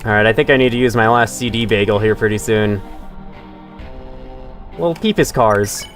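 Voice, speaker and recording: A man's voice: on the low side, moderate pace, faint music behind. Chatty man streaming a game live. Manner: chatty, reads chat aloud, swears when frustrated. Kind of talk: live gameplay commentary. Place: his room at home.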